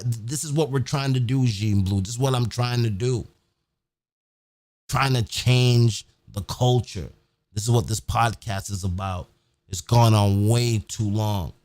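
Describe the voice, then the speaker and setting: A man's voice: medium pitch, no echo. Fired-up man ranting on a podcast. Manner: emphatic, repetitive, keeps saying "man"; profane, fired up. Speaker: podcast host. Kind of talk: live-stream podcast rant. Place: home recording setup near a big city.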